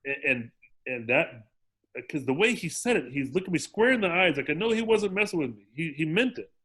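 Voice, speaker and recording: A man guest telling his recovery story in a casual interview, animated and acting out quotes, often restarting his sentences. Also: on the high side, brisk. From lived in Mexico for ten years. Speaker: podcast guest, sober living director.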